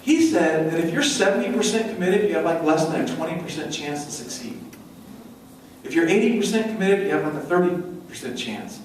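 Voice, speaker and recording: A middle-aged man giving a motivational stage talk with a joke story, an energetic storyteller who slips into high acted voices, recorded from a distance in a large conference hall. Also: a little fast, a little hiss or hum. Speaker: event speaker. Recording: echoey hall, distant mic.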